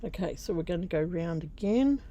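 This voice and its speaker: Middle-aged Australian woman, craft vlogger; mellow, easygoing delivery, chatty and quick to laugh. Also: lowish voice, animated, a little hiss or hum. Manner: chatty, laughs often, rambling asides. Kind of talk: casual craft tutorial.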